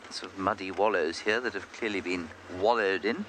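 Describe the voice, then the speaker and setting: Man, safari guide, low voice, chatty and self-mocking, outdoor vehicle noise behind. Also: normal speed. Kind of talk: live game drive commentary.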